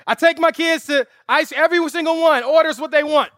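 High, bright-voiced preaching pastor. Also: male voice, a little fast, dry recording, clean studio sound. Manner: impassioned preaching with vivid storytelling and emphatic repetition. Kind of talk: sermon. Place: outdoor lawn service.

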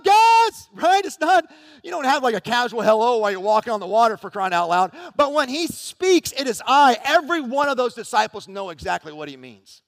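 High-voiced preacher in a reverberant hall. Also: male voice. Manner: animated, emphatic, conversational. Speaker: pastor. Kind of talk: sermon.

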